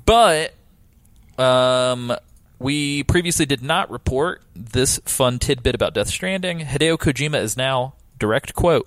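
A man's voice: mid-range voice, animated, unhurried, no echo. A man hosting a casual podcast, running through news in a jokey, rambling way with lots of fillers. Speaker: podcast host.

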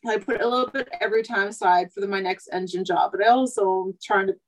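Over poor audio, a fast-talking Canadian truck driver in her thirties chats on a podcast in a medium-pitched voice. Her talk wanders through plenty of asides, peppered with "like" and "you know."

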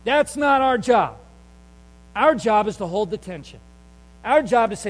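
High-voiced pastor preaching in a hall. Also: male voice, lively intonation, unhurried, long pauses. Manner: conversational storytelling, earnest and emphatic. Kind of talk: sermon.

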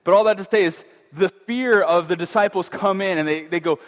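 A man's voice: brisk, hardly any pauses. Man teaching a Bible passage in a reverberant hall. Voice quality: conversational, many fillers and restarts. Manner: acts out voices of fear with rising pitch.

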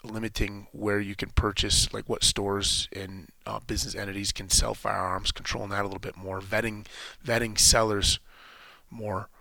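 Gravelly-voiced man musing aloud. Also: fairly low pitch, little pitch movement, moderate pace, pushed and bright, no echo. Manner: rambling, thinking aloud with many restarts. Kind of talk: casual spoken monologue.

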